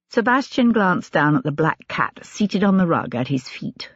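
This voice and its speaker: An audiobook narrator reads at a measured, steady pace with a slightly husky voice. The recording is dry, with no room sound, and a little dull in tone. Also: medium pitch, no echo.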